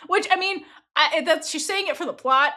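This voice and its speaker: A woman co-hosting a casual podcast, reviewing a TV series in an animated way, laughing often and swearing freely. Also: high voice, moderate pace. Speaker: podcast co-host.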